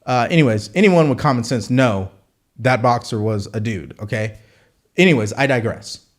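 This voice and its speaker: A man's voice: mid-range voice, normal speed. A man hosting a live political commentary show, arguing his points with repeated rhetorical questions.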